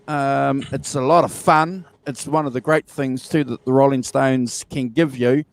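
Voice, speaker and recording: A man's voice: medium pitch, steady tone, unhurried, vocal fry, no room sound. A man, co-hosting a casual album review chat, enthusiastic and repeating himself with many fillers. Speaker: podcast co-host.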